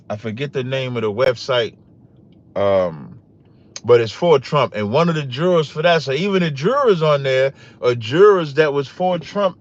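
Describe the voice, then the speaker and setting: A man's voice: on the high side, lo-fi sound. A man hosting a casual livestream podcast, talking straight to his chat with rising, emphatic outbursts and calling his viewers y'all. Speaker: podcast host.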